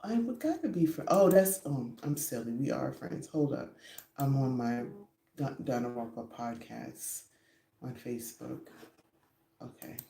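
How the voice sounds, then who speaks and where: A woman's voice: rumbling low, lively intonation, unhurried, gravelly, dark tone, roomy sound. A woman hosting her own podcast, chatting casually and rambling, often breaking into giggles. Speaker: podcast host. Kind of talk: casual chat.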